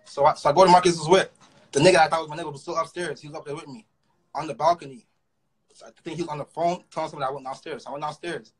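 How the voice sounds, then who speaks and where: A young man with a Toronto accent, ranting through a story fast and profanely, with frequent stammered restarts. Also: on the high side, fairly even intonation, husky, low-quality recording. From Canada. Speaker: rapper. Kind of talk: casual storytelling rant.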